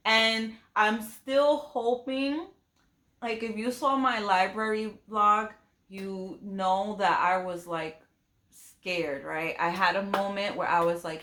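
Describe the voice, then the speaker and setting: A woman's voice: mid-range voice, fairly even intonation, slow pace, fairly bright tone, echoey room. A woman book vlogger chatting casually and emotionally about a novel she is reading, rambling with many fillers. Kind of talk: casual reading vlog chat.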